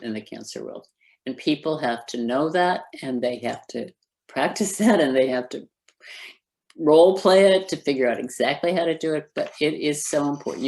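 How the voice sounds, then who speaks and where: A woman who founded a nonprofit, speaking as an interview guest in an emphatic, earnest way and laughing often. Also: extremely low pitch. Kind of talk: conversational interview.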